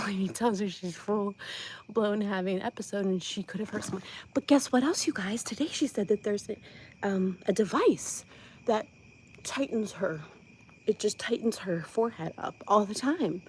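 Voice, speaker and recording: A giggly woman from Ohio rambles through comedic commentary, stammering and losing her train of thought. Her voice sits a little high and bounces lively up and down. She talks outdoors by her porch with a faint hum of surroundings behind her. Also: poor audio.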